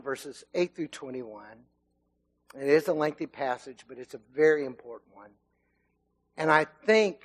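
A middle-aged man preaching to his congregation, his voice sitting a little high for a man. He tells a story from his childhood casually, with fillers, and presses harder as it builds. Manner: conversational storytelling with fillers, growing emphatic. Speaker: lay preacher. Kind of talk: sermon with personal story and scripture reading.

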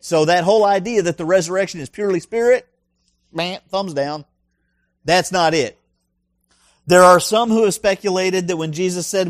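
A man's voice: high voice, dry recording, studio quality. A male pastor preaching a sermon in an emphatic way, full of rhetorical questions and punchy asides.

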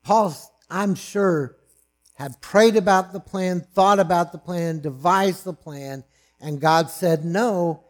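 A man preaching a sermon, swinging from loud, emphatic lines to hushed, low asides. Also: takes it slowly.

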